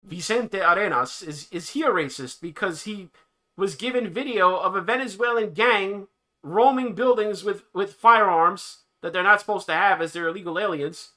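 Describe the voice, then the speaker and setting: A man's voice: sits high, normal speed, sharp tone. A man hosting a livestream, reacting to news clips with sarcastic commentary and frequent laughter. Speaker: livestream host.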